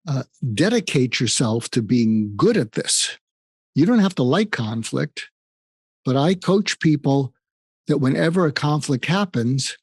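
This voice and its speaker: A man's voice: mid-range voice, darkish tone, no room sound, clean studio sound. An older man speaking as a psychiatrist guest in an interview, earnest and emphatic, telling stories and repeating phrases for weight. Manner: earnest, storytelling, emphatic with repetition. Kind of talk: conversational interview advice.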